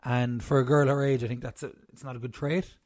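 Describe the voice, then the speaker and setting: A man's voice: medium pitch, little pitch movement, brisk, a little mellow, no echo, studio quality. A young man co-hosting a podcast, chatting casually and teasing his co-host. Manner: joking, teasing. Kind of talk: casual chat.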